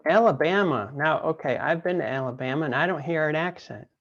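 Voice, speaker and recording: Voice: mid-range voice, brisk. Enthusiastic podcast host, muffled audio. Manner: enthusiastic, chatty, repeats phrases. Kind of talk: casual interview chat.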